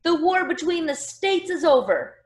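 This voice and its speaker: A woman voicing a loud, eager Northern male political organizer who rallies a crowd with speeches. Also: very high-pitched, lively intonation, moderate pace, reverberant, pitched above the performer's own voice. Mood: rallying. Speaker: party organizer.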